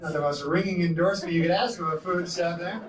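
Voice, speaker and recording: A man doing a stand-up comedy set with a rambling, deadpan delivery full of "you know"s, from a comedy club stage with the audience laughing. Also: sits high, quick pace, far from the mic, background noise. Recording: echoey live club recording with loud crowd laughter.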